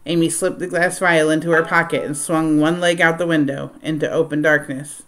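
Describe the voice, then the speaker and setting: A woman reading a children's adventure novel aloud in a steady storytelling voice. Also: normal speed, few pauses. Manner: steady storytelling, voicing dialogue with raised pitch and volume. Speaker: reader of a novel.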